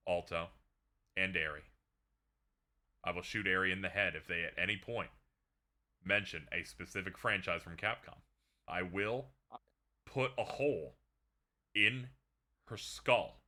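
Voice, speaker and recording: A man's voice: low-pitched, sharp tone. A man hosting a stream in casual chat, sarcastic and joking. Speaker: streamer host.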